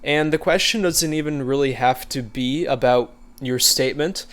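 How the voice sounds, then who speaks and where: A man coaching viewers in a casual, conversational way, relaxed and easygoing, with frequent fillers. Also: medium pitch, moderate pace. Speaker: social skills coach. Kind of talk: casual instructional talk.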